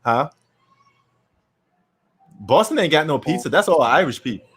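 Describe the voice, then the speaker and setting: A man's voice: on the high side, animated, moderate pace, fairly bright tone, slightly rough. A man from New York hosting a casual sports chat, ranting bluntly and opinionatedly in slangy talk.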